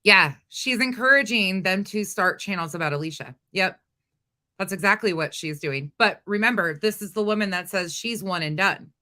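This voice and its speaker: Host of a gossip chat: a woman with a bright, clear voice who asks the viewers rhetorical questions. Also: mid-range voice, expressive, normal speed.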